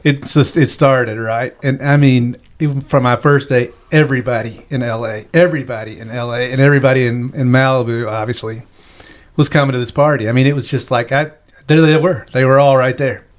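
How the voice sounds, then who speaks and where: A man's voice: mid-range voice, fairly even intonation, fairly quick. A man, a chef guest, telling rambling anecdotes in casual podcast chat. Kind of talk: casual storytelling.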